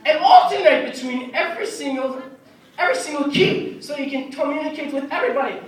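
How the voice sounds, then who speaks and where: A teenage boy doing animated stand-up comedy on a stage, slipping into silly voices. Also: very high voice, a little fast. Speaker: stand-up performer. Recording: echoey hall from far off, noisy.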